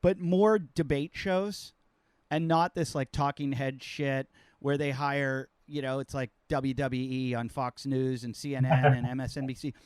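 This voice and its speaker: A man's voice: mid-range voice, steady tone, a little slow, a little mellow, clean tone, no echo. Joking, rambling male podcast host. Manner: rambling, joking, self-mocking storyteller. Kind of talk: casual podcast chat.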